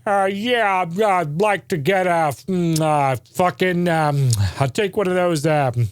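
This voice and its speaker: A man's voice: high voice, slow pace, clear, resonant tone, no echo, clean studio sound, voice pushed up. A man putting on a mumbling drive-thru customer. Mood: fumbling. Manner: mumbling, full of ums and uhs, swearing. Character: bumbling adult male drive-thru customer, hesitant.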